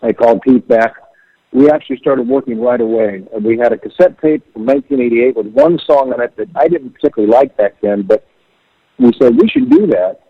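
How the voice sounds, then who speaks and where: A middle-aged man tells his stories with lively swings in pitch, jumping into the voices of the people he quotes. His voice is gravelly and a bit husky. It comes through a narrow, tinny phone line with a dry sound. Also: fairly quick, no echo. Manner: animated, acts out quoted voices. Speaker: musician guest. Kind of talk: storytelling interview over the phone.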